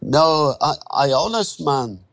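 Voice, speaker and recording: A man reading a story and voicing an anxious male newcomer who stammers in halting broken English. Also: on the high side, animated, vocal fry, voice pushed up, exaggerated voice. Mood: alarmed.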